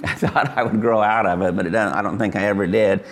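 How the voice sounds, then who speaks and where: An older pastor from Kansas, USA, gives an earnest, folksy testimony sermon at a quick pace with a steady tone. His voice rises high whenever he speaks as Jesus.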